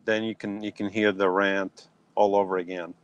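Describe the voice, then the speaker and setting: This man's voice runs on the low side, clear and resonant, at a moderate pace, in a dry recording with the highs cut off. He's live streaming from his phone in a yard at dusk, casually and animatedly responding to viewers' comments.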